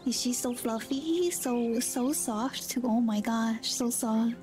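A woman streamer chatting casually with her viewers while gaming, soft-spoken and giggly. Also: fairly high pitch, slow, over music.

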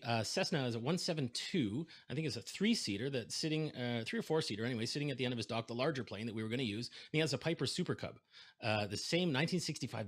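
In a storytelling keynote, a male speaker with a mid-range voice animates his tale on stage, switching between characters. He pitches his voice up to play each side of a phone conversation.

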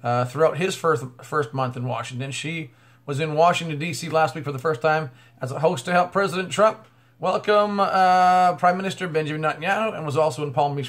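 A man's voice: fairly high pitch, a bit bright. A man talking straight to camera in a religious commentary vlog, breaking into exclamations and repeating words as he goes. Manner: exclamatory, bursts of "oh" and "wow". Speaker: YouTube commentator.

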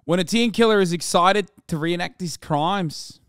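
A man's voice: sits high, normal speed, fairly bright tone, clean tone, no echo, clean studio sound. A man streaming in casual chat, loose and offhand, swearing freely.

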